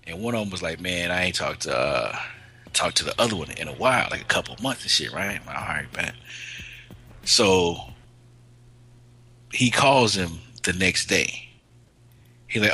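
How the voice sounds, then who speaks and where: A man's voice: low voice, expressive, moderate pace, pauses often, pushed and bright, slightly rough, rough recording. A man co-hosting a casual chat, telling a story in slang with lots of laughter. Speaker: podcast co-host.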